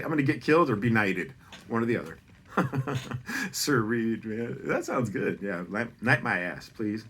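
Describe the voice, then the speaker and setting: A man's voice: lowish voice, fairly bright tone, slight background noise. Rambling, profane man telling a story. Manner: rambling, profane, self-deprecating, drifting off on tangents. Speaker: vlogger telling a holiday story.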